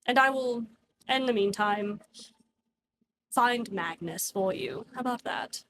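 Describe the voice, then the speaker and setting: A woman's voice: on the high side, slow, background noise. A woman voicing a tipsy young nobleman in a tabletop game, a callous womanizer who talks in an offhand, drawling, dismissive way.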